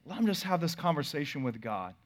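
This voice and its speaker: Male pastor, thirties, higher voice, animated sermon storytelling, loud-to-soft swings. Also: a little fast.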